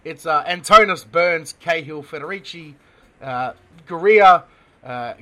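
A high, bright Australian man talking in a casual sports chat, bubbly and quick to laugh. He rambles and stumbles over names as he gets worked up. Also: lively intonation. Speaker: podcast co-host.

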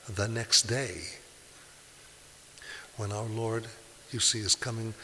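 A man preaching a sermon, speaking with emphasis and rising forcefully when he quotes scripture. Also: fairly low pitch. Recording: hissy recording in a large reverberant hall.

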